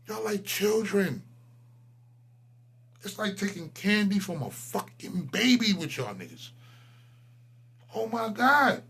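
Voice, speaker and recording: Male host, forties, slightly raised voice, heated profane monologue with loud-to-low swings. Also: very animated, slow pace, long pauses, slightly rough. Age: 40s. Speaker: channel host. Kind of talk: ranting monologue to camera.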